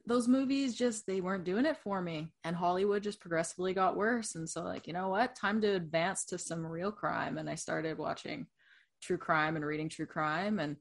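A woman guesting on a podcast in casual chat, speaking in a smooth, measured way. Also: on the low side.

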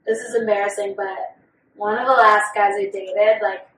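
A woman's voice: medium pitch, steady tone, normal speed, fairly bright tone, slight background noise. A young woman co-hosting a podcast, talking in a candid, profane, oversharing way about her own life. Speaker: podcast co-host. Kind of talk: candid casual chat. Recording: roomy sound from a distant mic.

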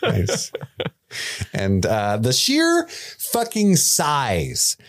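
A man's voice: low voice, normal speed. A man co-hosting a podcast, talking casually and animatedly about a TV episode, joking and swearing. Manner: animated, profane, jokey. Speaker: podcast co-host. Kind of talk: casual chat reviewing a TV episode.

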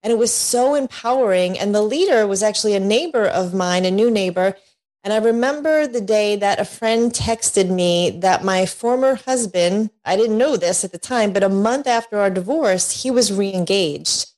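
A middle-aged woman telling her personal story as a guest, lively and laughing often, acting out voices when she quotes people. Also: medium pitch, normal speed. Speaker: guest, divorce coach.

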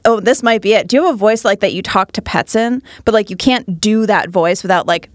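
A podcast co-host in casual chat, with a nasal voice that swings high and low and a quick habit of disagreeing, filled with "like". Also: no room sound. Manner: disagrees quickly, uses "like" a lot.

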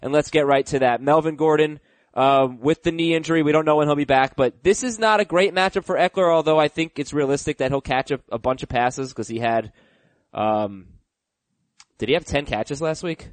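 A man's voice: on the high side, fairly quick, no room sound. A man hosting a fantasy football podcast, chatting casually, thinking aloud with fillers and joking asides. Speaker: podcast host. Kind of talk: casual sports chat.

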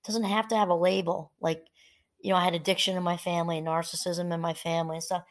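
A woman hosting a solo talk, speaking gently and conversationally, reading quotes aloud now and then. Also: lowish voice, level tone, fast. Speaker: podcast host. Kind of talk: reflective solo talk on fear and mindfulness.

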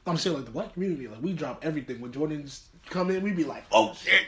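A young man guest on a podcast, telling animated, profane stories and laughing as he talks. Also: a little high, very fast. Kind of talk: casual chat. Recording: noisy recording.

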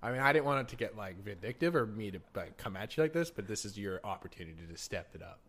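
A man's voice: fairly low pitch, animated, fast, a bit bright. Joking young man hosting a casual podcast. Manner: joking, rambling, playful teasing. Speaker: podcast co-host. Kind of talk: casual chat. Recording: faint background noise.

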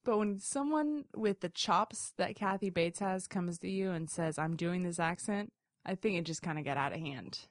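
A woman co-hosting a podcast in loose, casual conversation, chatty and quick to laugh. Her voice sits a little low for a woman. The sound is close and dry. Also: no room sound. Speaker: podcast co-host. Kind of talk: casual chat.

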